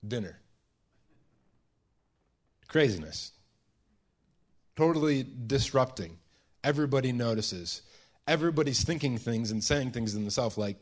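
A man preaching a sermon, retelling a scene with hushed and emphatic turns and many restarts. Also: mid-range voice, lively intonation. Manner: storytelling, dramatizing a scene with voiced quotes; pauses and restarts, shifts between hushed and emphatic.

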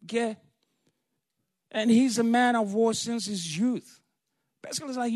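A man's voice: very high voice, a little slow, a little mellow, dry recording, studio quality. A man giving an informal Bible teaching, talking conversationally and retelling scenes in casual slang. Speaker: preacher.

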